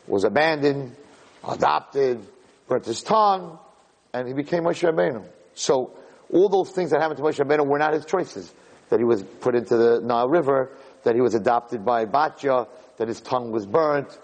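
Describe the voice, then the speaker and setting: A man giving a sermon as a rabbi, telling a story in a lively way that builds to emphatic points. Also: medium pitch, rough recording. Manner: animated storytelling, rising to emphatic peaks.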